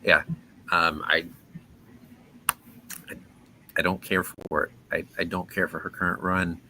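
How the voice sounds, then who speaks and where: A man's voice: deep voice, flat delivery, unhurried, background noise. A man in casual chat on a review show who speaks hesitantly and often restarts his sentences. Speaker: co-host.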